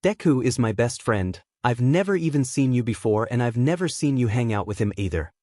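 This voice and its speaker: A man's voice: medium pitch, lively intonation, a little fast, a little mellow, no room sound, clean studio sound, lightly acted. A man voicing a pushy, possessive teenage girl who speaks with entitled insistence. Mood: indignant.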